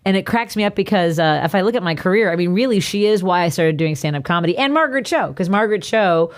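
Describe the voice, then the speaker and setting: A middle-aged woman with a slightly low voice trades stories in a relaxed chat, laughing easily as she goes. She talks like a comic on a guest spot, loose and animated. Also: fast. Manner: lively, laughing storyteller. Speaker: comedian guest. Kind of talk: casual chat.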